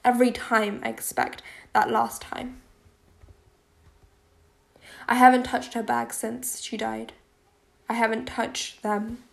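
A woman's voice: a little high, little pitch movement, slow pace, creaky, pauses often. A woman giving first-person audiobook narration in an intimate, emotionally charged manner.

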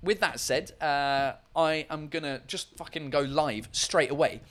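A man's voice: a little high, unhurried, a bit bright. A man hosting a casual live-stream podcast, rambling and swearing freely as he chats from a hot room with a fan running. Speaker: podcast and livestream host.

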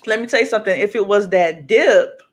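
A woman co-hosting a podcast in casual chat, loud, playful and full of slang. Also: medium pitch, fairly quick. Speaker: podcast co-host.

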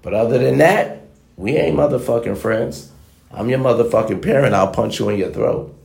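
A motivational vlogger preaches life advice straight to the camera in a blunt, emphatic manner, repeating points to drive them home. His mid-range, creaky voice has a darkish tone and normal speed, surrounded by a roomy echo.

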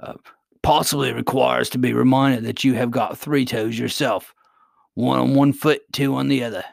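A man's voice: mid-range voice, steady tone, normal speed, vocal fry, no room sound, studio quality. A man reading aloud and voicing a sly, fawning goblin counselor with an oily, mock-deferential manner.

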